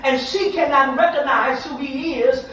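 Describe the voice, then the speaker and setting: High-voiced preacher in echoey church. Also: male voice, moderate pace, slight background noise. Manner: impassioned preaching, repeats phrases, swells to shouts. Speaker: pastor. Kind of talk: sermon. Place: large church sanctuary. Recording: echoey church hall from far off.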